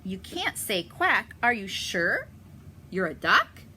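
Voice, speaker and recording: A woman's voice: medium pitch, big pitch swings, takes it slowly, bright, forceful tone, a little hiss or hum, exaggerated voice. A woman voicing a stern, protective mother duck in a storybook, speaking firmly and questioning. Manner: firm, questioning.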